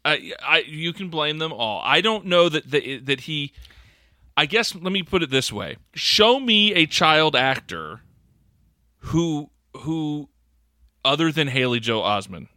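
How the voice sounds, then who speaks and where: A man co-hosting a podcast, joking about a movie with quick stammering restarts. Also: fairly high pitch, lively intonation, sharp tone, no room sound, studio quality. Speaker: podcast co-host. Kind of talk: casual film-review chat.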